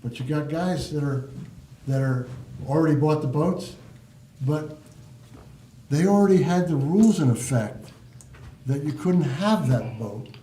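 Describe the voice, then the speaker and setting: A man's voice: on the high side, dark tone. A man sharing his opinion at a community board meeting, earnest and thinking aloud with restarts. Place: meeting room. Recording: echoey room, mic at a distance.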